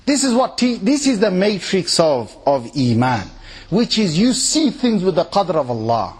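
A married man with three kids preaching an informal sermon to a live audience, animated, mimicking people and asking the audience questions. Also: high-pitched, a little slow, husky. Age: adult, married with three kids.

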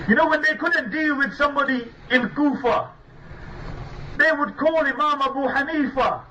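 A man's voice: extremely high pitch, sharp tone, recorded from a distance, lo-fi sound, slight background noise. A man preaching a sermon as a story, earnest and emphatic, using Arabic religious terms. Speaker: Islamic preacher.

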